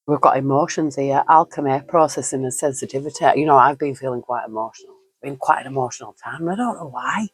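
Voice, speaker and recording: A woman with a low, dusky voice talks through a tarot reading in a loose, chatty way, musing aloud between cards and laughing easily. The sound is close and dry, with no room around it. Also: quick pace, hardly any pauses, husky, no room sound. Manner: chatty and musing, with frequent fillers and easy laughs. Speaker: tarot reader. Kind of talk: casual spoken tarot reading.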